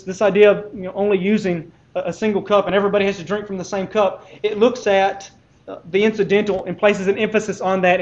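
A man preaching a sermon in an earnest, measured way, often restarting his words and putting questions to the congregation. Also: high voice, lo-fi sound.

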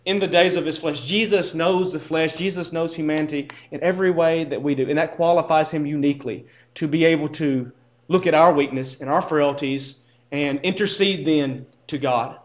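A man's voice: fairly high pitch, normal speed, echoey room, highs cut off. A man teaching a Bible class in earnest, posing rhetorical questions and restarting his phrases.

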